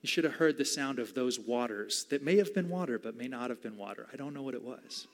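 A preacher doing a hushed, awestruck visionary man. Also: medium pitch, normal speed, lightly acted. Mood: awed. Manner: hesitant, groping for words, hushed. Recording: long hall reverb.

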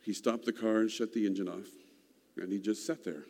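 A man telling a personal childhood story in an unhurried, folksy, reflective way, heard in a reverberant hall. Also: on the low side, fairly even intonation, a little mellow.

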